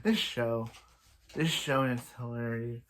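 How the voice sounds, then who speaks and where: A man's voice: mid-range voice, takes it slowly, fairly bright tone. A man casually recapping a TV episode, rambling with frequent restarts and self-corrections and chuckling as he goes. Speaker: TV episode reviewer.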